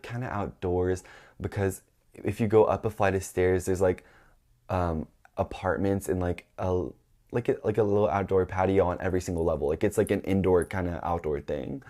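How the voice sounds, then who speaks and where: A young man telling a party story in casual chat, filling it with "like" and acting out the quotes in high, excited voices. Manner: chatty, heavy use of "like", acts out quotes in high excited voices.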